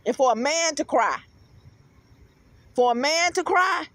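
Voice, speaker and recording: A middle-aged woman, speaking in a high voice and telling stories with lively, animated energy. She talks casually to her guest and to the viewers, and her voice is recorded close and dry, with no room echo. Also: unhurried. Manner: animated storytelling, addresses viewers as y'all. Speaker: host. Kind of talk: casual interview chat.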